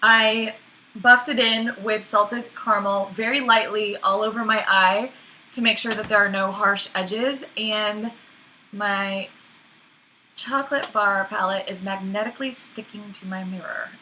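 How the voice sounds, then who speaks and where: A woman's voice: fairly high pitch, steady tone, takes it slowly, sharp tone, a little hiss or hum. A woman talking through a makeup tutorial in a chatty, flustered way, laughing often and apologizing along the way. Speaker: beauty vlogger.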